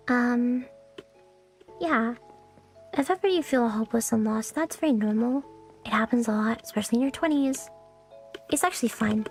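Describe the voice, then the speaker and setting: Speaking at a moderate pace in a fairly high voice, a young woman chats casually on her home stream. She rambles openly and swears freely, using a new condenser mic mounted on a stand, while faint music plays behind her.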